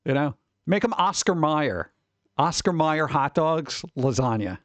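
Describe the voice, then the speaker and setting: A man's voice: on the high side, expressive, measured pace, no room sound. Chatty rambling male streamer, dry sound. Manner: rambling, swearing, chuckling. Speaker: streamer host. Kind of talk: casual chat.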